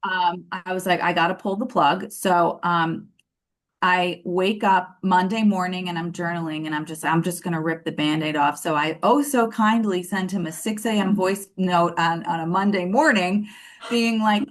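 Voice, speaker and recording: A woman in her thirties telling her love story in a casual interview, animated and acting out what people said, with lots of fillers. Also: lowish voice, normal speed. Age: 30s. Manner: animated, acts out quoted dialogue, many fillers.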